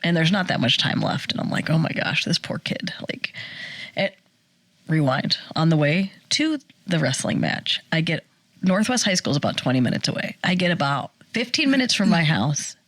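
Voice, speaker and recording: A woman in her forties, a podcast co-host telling a personal story in casual chat, animated and acting out the quotes. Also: low voice, no room sound. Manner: animated storyteller, acts out quotes, fast bursts.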